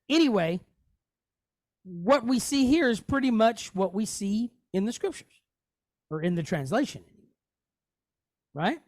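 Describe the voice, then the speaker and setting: A man teaching a Hebrew lesson in a relaxed, conversational way, often checking in with his listeners. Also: high voice, no echo, studio quality. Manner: conversational, checks in often with "okay?" and "you know". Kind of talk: casual teaching, explaining on screen.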